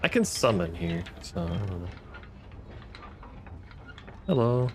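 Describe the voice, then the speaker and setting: A man's voice: low voice, big pitch swings, slow, darkish tone, slight background noise. A man giving casual gameplay commentary, wry and profane, talking back to the enemies on screen. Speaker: gaming streamer.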